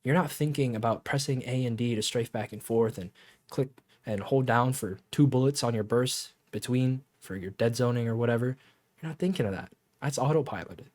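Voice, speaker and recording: A man's voice: medium pitch, fairly quick, darkish tone. Laid-back, easily amused male coach. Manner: laid-back, chuckles often, swears casually. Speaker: game coach. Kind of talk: casual coaching talk over gameplay footage.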